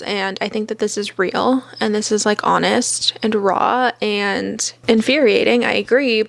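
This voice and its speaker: A young woman talks through a casual book review at home in a slightly high, bright voice. Her delivery is wry and chatty, full of easy fillers. The sound is close and dry, with no room echo. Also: creaky. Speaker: book vlogger.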